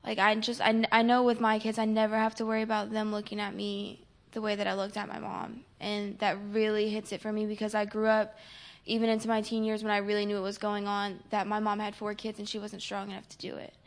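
A woman's voice: medium pitch, monotone, fairly quick. A young woman giving a casual personal testimony, full of "like" fillers, recounting conversations with others. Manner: casual, many "like" fillers, quotes others in dialogue. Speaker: recovery program resident.

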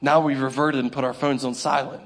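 A man preaching a sermon in a church, animated and humorous, acting out little scenes for the congregation. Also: mid-range voice, brisk. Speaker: pastor. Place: church sanctuary.

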